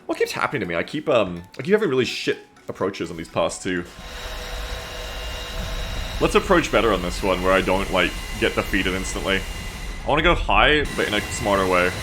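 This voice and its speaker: Over background noise, an Australian man in his thirties chats and rambles on his gaming stream, occasionally swearing and reading chat out loud. He has a deep, very animated voice, speaks fairly quickly, and his mixed Anglosphere accent is mildly Australian.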